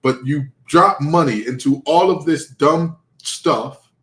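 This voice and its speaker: A man's voice: on the high side, slow, a bit bright, reverberant. A man co-hosting a sports podcast, ranting sarcastically and with animation. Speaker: podcast co-host. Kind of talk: heated sports talk.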